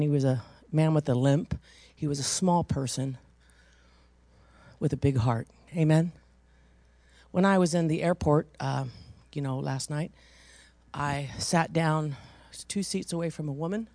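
A woman preaching a sermon, telling a personal story conversationally and rising into loud, emphatic preaching. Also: low-pitched, dry recording.

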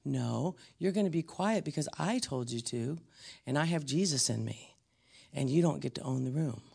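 A man preaching a blunt, emphatic teaching sermon, slowing down and dropping to a whisper on key words. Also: mid-range voice, expressive, vocal fry, a little mellow, breathy edge.

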